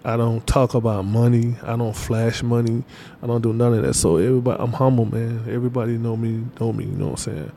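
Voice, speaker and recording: A man chatting casually as an interview guest. He talks quickly in loose slang, full of fillers and restarts. His voice is dark and mellow, over a faint low rumble. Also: steady tone, vocal fry. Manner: loose, repetitive street slang with many fillers. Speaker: interview guest, artist manager.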